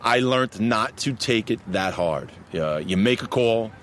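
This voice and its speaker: A man with a Long Island, New York accent speaks at a fairly low pitch and a measured pace. He's a basketball referee telling stories in a casual interview, animated, laughing often and saying "man" a lot. He's outdoors in a park, with faint traffic noise behind him.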